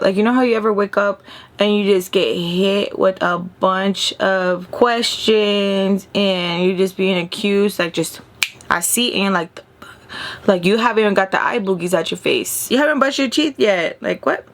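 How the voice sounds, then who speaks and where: A young woman with a raspy voice, chatting casually and animatedly in a storytime vlog, recorded inside a parked RV. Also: mid-range voice, normal speed. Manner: chatty, animated, swears freely. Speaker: YouTuber telling a story. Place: inside a parked RV with a fan running.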